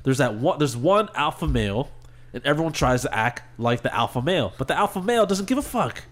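A man's voice: medium pitch, big pitch swings, brisk. A man co-hosting a casual podcast chat, laughing often and restarting his sentences. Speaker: podcast co-host.

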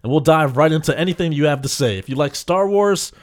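Guy co-hosting a podcast, kinda high voice, hypes stuff up, repeats himself, laughs a bunch. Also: lively intonation, quick pace. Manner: hyped, showman-like intros with repetition; laughs often, playful. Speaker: podcast co-host. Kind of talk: casual podcast chat. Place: podcast studio.

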